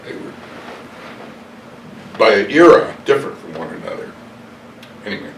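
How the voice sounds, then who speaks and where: An older man with a low voice tells long stories from his past, hesitating and correcting himself as he goes. He sounds set back from the mic in an echoey room, with a faint hiss underneath. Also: sing-song, moderate pace, gravelly, fairly bright tone, recorded from a distance. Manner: rambling, hesitant, with many fillers and self-corrections. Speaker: interviewee. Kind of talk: reflective storytelling interview. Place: hotel room.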